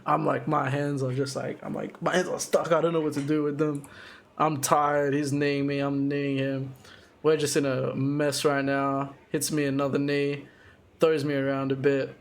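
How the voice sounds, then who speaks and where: A young man casually narrating footage of his own amateur Muay Thai fight, excited and slangy, full of restarts and sound effects. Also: mid-range voice, normal speed, creaky. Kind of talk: casual fight breakdown commentary.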